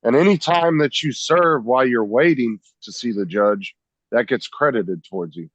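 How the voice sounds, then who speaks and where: A man's voice: medium pitch, moderate pace, fairly bright tone, dry recording. A man in a casual studio chat, giving blunt opinions and swearing freely. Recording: dry, dull lo-fi sound.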